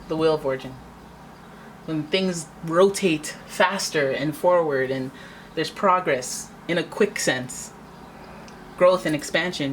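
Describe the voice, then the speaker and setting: Woman tarot reader, low voice, chatty and theatrical, faint hiss behind. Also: low-quality recording. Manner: chatty, dramatic, acts out quoted voices. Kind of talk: casual tarot reading.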